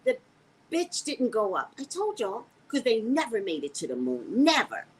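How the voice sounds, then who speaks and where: Squeaky, animated woman streamer. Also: moderate pace, breathy edge, poor audio. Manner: sassy, animated, talks back to viewers. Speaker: live-stream host. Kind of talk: casual live-stream quiz chat.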